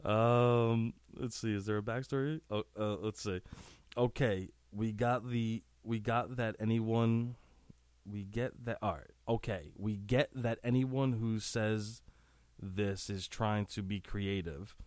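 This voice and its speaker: A man hosts a laid-back solo podcast in a slow, unhurried drawl. His voice sits a little low, and he is sniffly and keeps clearing his throat. The sound is dry and close, with no room echo. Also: steady tone, a little mellow. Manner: crude, laughing, breaks off into asides. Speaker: podcast host. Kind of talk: casual solo podcast, reading pickup lines aloud.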